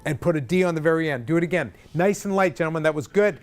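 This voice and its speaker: A man's voice: fairly high pitch, quick pace, faint music behind. A man directing a choir, counting the singers in and singing short phrases to show them. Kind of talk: vocal coaching a group. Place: room with a singing group.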